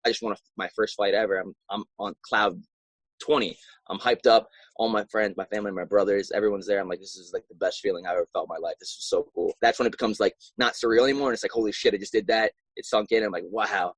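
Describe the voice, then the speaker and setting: A young man and professional fighter telling his story in a casual interview, animated and acting out his own past reactions. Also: lowish voice, quick pace, husky, no room sound, rough recording.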